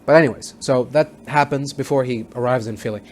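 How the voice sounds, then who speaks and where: A man's voice: mid-range voice, fairly quick, darkish tone, slight background noise. A man casually recapping a TV episode as a reviewer, rambling with many fillers and restarts. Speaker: TV show reviewer.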